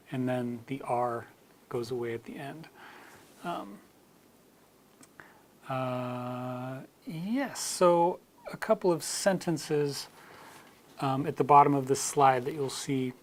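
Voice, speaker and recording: A teacher with an American accent giving a slide-based pronunciation lesson, modelling example words one at a time and softly whispering some of them. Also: medium pitch, slight background noise.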